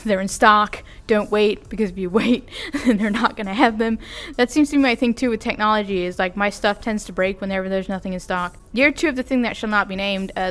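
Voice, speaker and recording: A woman's voice: medium pitch, fairly bright tone, clean tone. A young adult woman vlogging in a casual, rambling, self-deprecating chat with giggly asides. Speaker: vtuber vlogger.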